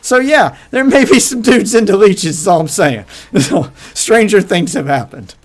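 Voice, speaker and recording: A man's voice: high voice, animated, moderate pace. A man hosting his livestream, telling crude rambling stories in casual chat with faint music behind him. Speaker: livestream host.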